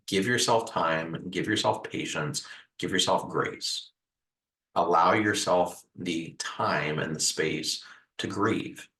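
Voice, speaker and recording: Deep-voiced man giving gentle reassurance. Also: roomy sound, poor audio. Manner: gentle, reassuring, repetitive phrasing with fillers. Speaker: host sharing house fire recovery advice. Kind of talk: earnest direct-to-camera advice talk.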